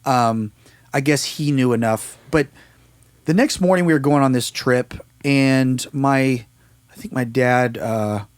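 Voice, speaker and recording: A man in casual conversation, recounting a story with lively acted-out quotes. His voice sits at an ordinary pitch for a man. The recording is close and dry, with no room sound. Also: measured pace, smooth, no room sound. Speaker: musician interview guest.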